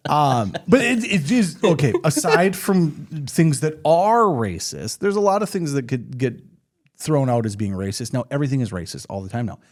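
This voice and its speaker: A man's voice: fairly high pitch, expressive, normal speed, a little mellow. A man from northern Minnesota with a Minnesotan accent, hosting a podcast in casual, opinionated, rambling chat. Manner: opinionated, rambling, frequent restarts. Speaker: podcast host.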